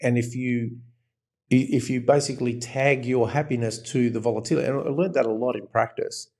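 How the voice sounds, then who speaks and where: Reflective man, steady voice. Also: mid-range voice, fairly quick. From Australia. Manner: reflective, shares advice in long flowing thoughts. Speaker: podcast co-host. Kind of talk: casual chat.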